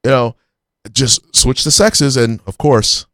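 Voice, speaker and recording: A man's voice: medium pitch, fairly bright tone, dry recording. A man with a middling voice rambles through a casual comedy chat on a live web stream. He stumbles, restarts and piles on fillers. The sound is dry and close. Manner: rambling, halting, with many restarts. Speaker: co-host.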